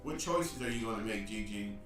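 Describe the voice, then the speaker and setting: A man's voice: fairly low pitch, lively intonation, brisk, a bit bright, soft background music. Guy cohosting a live show, teasing and laughing a lot, kinda far from the mic, echoey room. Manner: teasing, laughs often, addresses viewers as family. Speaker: co-host of a live online show. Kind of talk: casual chat, reading viewer comments.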